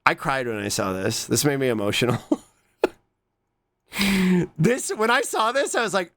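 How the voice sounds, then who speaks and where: A streamer chatting casually with viewers while reacting to clips, playful and swearing, with sudden high squeaky exclamations. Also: sing-song, normal speed, long pauses, a bit bright. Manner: playful, swears casually, reads chat aloud and thanks viewers.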